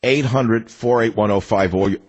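A man's voice: lowish voice, normal speed, darkish tone, husky, muffled recording. An older man hosting a political talk radio show, reading an ad and then ranting in a combative, mocking way.

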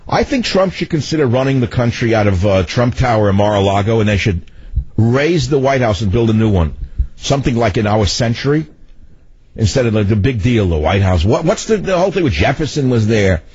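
An older man hosting political talk radio, ranting in a loud, commanding voice. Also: medium pitch, expressive, fairly quick, no room sound. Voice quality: husky. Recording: dull lo-fi radio broadcast.

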